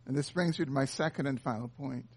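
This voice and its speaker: A man's voice: medium pitch, fast, slightly rough. A man preaching an earnest expository sermon, reading and explaining scripture. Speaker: pastor.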